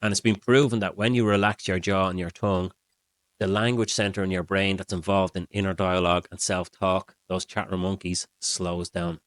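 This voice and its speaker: A middle-aged man, a mindset coach, calmly explaining breathing and relaxation to his viewers in a steady way. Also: low-pitched, normal speed, dry recording. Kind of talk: explaining to camera.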